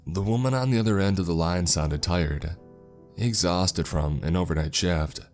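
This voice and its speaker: A man narrating a first-person horror story in a slow, somber, scripted way. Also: low voice, darkish tone. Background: faint background music.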